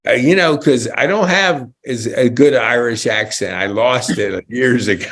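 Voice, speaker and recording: A man's voice: mid-range voice, unhurried, fairly bright tone. A man hosting a casual interview podcast, chatty and enthusiastic with frequent exclamations. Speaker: podcast host.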